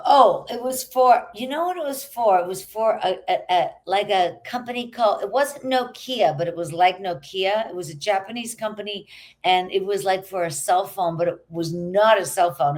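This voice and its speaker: A middle-aged actress chatting as a guest in an interview, telling stories in an animated way. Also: female voice, medium pitch. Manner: chatty, animated storytelling with quoted asides. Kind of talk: casual interview chat.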